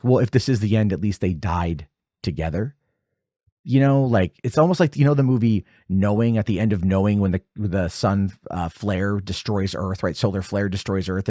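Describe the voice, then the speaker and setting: A man in his forties hosting a casual film commentary, animated and jumping high in pitch when excited. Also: no room sound, clean studio sound. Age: 40s. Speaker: podcast host.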